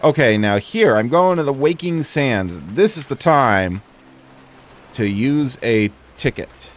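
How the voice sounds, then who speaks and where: A man's voice: mid-range voice, animated, takes it slowly. An American man giving casual, chatty commentary while playing a video game, with self-deprecating asides. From United States. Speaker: let's play host. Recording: faint game music behind.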